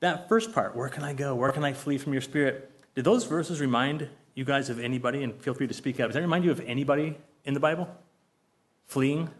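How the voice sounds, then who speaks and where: A man's voice: medium pitch, a little fast. Earnest middle-aged man leading Bible study. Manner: earnest and heartfelt, conversational with many fillers and restarts; reads scripture aloud, asks the group questions. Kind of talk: casual Bible study teaching.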